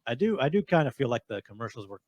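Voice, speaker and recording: A man's voice: mid-range voice, big pitch swings, fast talker, a little mellow, no echo, lo-fi sound. A man on a podcast, talking casually and rambling with many fillers. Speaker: podcast guest. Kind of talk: casual chat.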